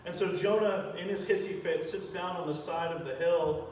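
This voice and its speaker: A man's voice: sits high, steady tone, moderate pace, a little mellow. A man, a pastor, retelling a Bible story in a sermon and acting out the prayers he quotes. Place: church sanctuary. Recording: echoey church from a distance, faint hiss.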